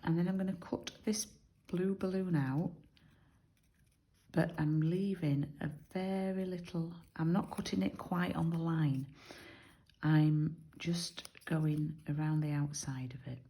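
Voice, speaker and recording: A woman's voice: sits low, steady tone, unhurried, mellow, low-quality recording. A woman from the UK giving a chatty, step-by-step card-making tutorial, explaining as she works. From United Kingdom. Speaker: craft demonstrator.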